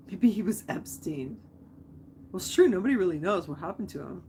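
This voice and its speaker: A young woman chats on a live stream in a lowish voice, rambling and wandering off on tangents. She keeps reacting to viewers' comments as she goes. A faint ambient hum sits behind her. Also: expressive, a little fast, dark tone. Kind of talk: casual live-stream chat.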